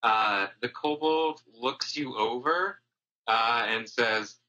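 A man narrating a tabletop game as game master, quick and full of fillers. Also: medium pitch, sharp tone, highs cut off.

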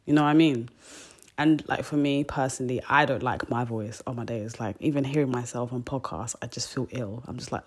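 Young woman, deep voice, slangy podcast chat, frank, lots of fillers. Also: animated, normal speed. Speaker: podcast host. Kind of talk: casual chat.

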